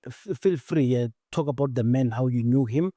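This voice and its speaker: A man's voice: medium pitch, moderate pace, warm tone, no room sound, studio quality. A South African man hosting a podcast interview, chatty and easygoing with plenty of fillers. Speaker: podcast host. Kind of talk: casual interview chat.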